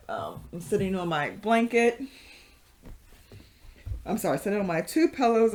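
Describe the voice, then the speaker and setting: A woman leading a casual yoga class, chatty and rambling, with many fillers and frequent laughs. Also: mid-range voice. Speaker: yoga instructor.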